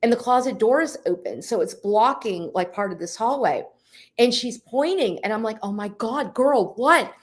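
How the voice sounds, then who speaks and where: A woman's voice: fairly high pitch, moderate pace. A woman in her forties, a realtor co-hosting a podcast, telling a story in casual chat and calling out to listeners. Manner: animated, addresses listeners as "people". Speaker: podcast co-host.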